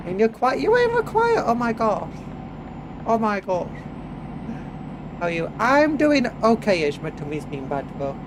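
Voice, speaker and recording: High-voiced sniffly English male streamer. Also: expressive, a little slow, long pauses. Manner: chatty, reads chat aloud, hums little tunes while driving. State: sniffly from hay fever. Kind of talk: casual gameplay live-stream chat. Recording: game truck engine noise underneath.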